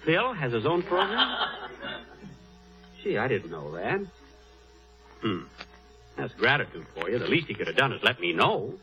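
A man hosting a 1940s radio comedy, vain and easily huffed, with drawn-out pauses. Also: fairly low pitch, big pitch swings, soft background music. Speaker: comedy show host. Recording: muffled old radio broadcast.

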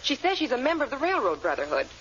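An actress playing a prim, dutiful secretary in 1940s radio comedy style. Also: female voice, high voice, wildly swooping pitch, racing, a bit bright, exaggerated voice. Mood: proper. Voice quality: polite, proper delivery. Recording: muffled old radio recording with hiss.

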